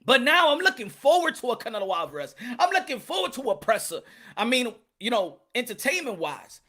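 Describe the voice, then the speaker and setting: A man hosting a boxing commentary vlog, talking in an animated, slangy, joking way and often repeating himself. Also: very high voice, fairly quick. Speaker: boxing channel host.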